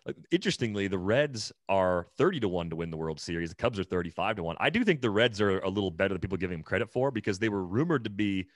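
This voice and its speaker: A man's voice: low voice, animated, fast, hardly any pauses, no echo, studio quality. A man co-hosting a podcast, talking through baseball in a casual, analytical way with lots of "like" and restarts. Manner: analytical, thinks aloud with many "like" and restarts. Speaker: podcast co-host.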